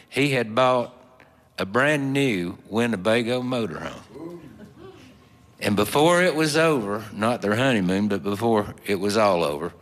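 A man telling a folksy story in a slow, drawling, homespun way with plenty of fillers. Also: mid-range voice, a bit bright. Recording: long hall reverb.

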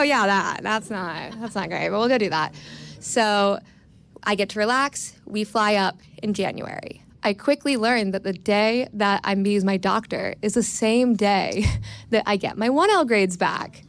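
A young woman in her twenties from Florida telling a candid, wry personal story on stage, often laughing between lines. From Tampa, Florida. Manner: quick and lively, pitch rising when excited.

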